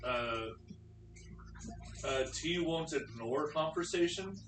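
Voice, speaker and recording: A man's voice: on the high side, takes it slowly. A man playing at a tabletop game, describing his character's actions in a hesitant way. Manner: hesitant, full of restarts. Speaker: player. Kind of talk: casual tabletop chat. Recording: roomy, distant mic with clear hum.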